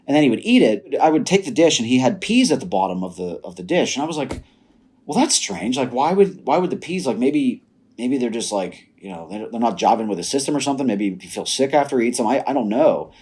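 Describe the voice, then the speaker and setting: Dark, husky-voiced man telling a story. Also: medium pitch, quick pace, hardly any pauses. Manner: animated, laughs while telling stories. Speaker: podcast guest. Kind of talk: casual storytelling.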